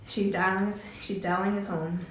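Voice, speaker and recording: A woman tells a personal story to camera, stopping and restarting with filler words. Her voice sits at a middle pitch and rings around a very echoey room, with a faint hum behind it. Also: flat delivery. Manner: halting, many restarts and "like" fillers. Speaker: vlogger. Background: cat drinking from water fountain.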